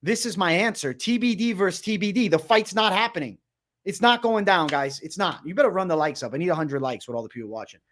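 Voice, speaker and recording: An agitated young man on a livestream, talking in a high voice. He keeps repeating himself and swears a lot, calling his viewers bro. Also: fast, a little hiss or hum. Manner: excited, repetitive, swearing, addresses viewers as bro. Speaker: livestream host. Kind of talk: livestream commentary.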